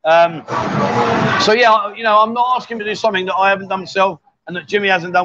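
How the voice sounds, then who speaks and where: A man's voice: high-pitched, fairly even intonation, quick pace, pushed and bright. A man hosting a casual livestream from a bar, teasing his guests with jokey banter. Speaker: livestream host. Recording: dull lo-fi livestream audio.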